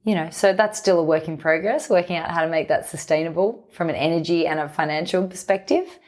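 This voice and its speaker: A woman's voice: on the low side, fairly quick, darkish tone. A woman, a podcast guest talking openly and reflectively in long, flowing runs. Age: 30s. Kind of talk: candid conversational interview.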